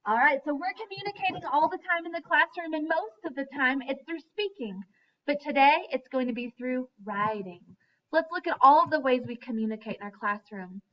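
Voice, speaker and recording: A woman teacher giving a lesson to young children, speaking slowly and clearly and chanting in a sing-song voice. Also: high-pitched, expressive, far from the mic, muffled recording. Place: classroom.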